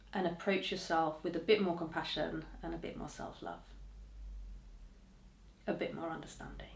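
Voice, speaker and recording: A woman hosting a podcast, speaking to listeners in a gentle, encouraging way with soft trailing endings. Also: lowish voice, roomy sound. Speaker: podcast host. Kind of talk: reflective podcast monologue.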